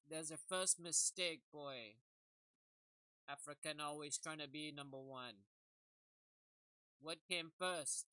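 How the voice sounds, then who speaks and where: A woman's voice: low voice, slow, pauses often, bright, forceful tone, no room sound, low-quality recording. A woman giving a rambling comedic monologue, jokey and laughing often. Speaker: comedic commentator.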